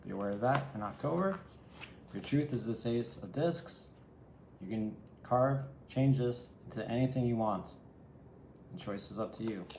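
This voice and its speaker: A man's voice: medium pitch, normal speed, gravelly. A man giving a solo tarot reading, musing and reflective, speaking straight to the viewer. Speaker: tarot reader. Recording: echoey room with faint ambient noise.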